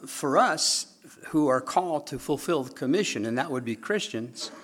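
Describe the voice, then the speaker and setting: Gravelly man preaching, loud then hushed. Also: medium pitch. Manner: swings from loud emphatic lines to hushed, near-whispered asides. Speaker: pastor. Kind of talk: sermon.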